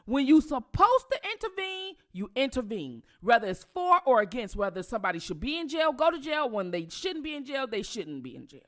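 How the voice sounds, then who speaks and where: A woman's voice: high voice, big pitch swings, fairly quick, few pauses. A woman from Detroit with a Detroit accent, hosting casual commentary, emphatic and outraged, repeating herself for effect. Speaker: commentary channel host.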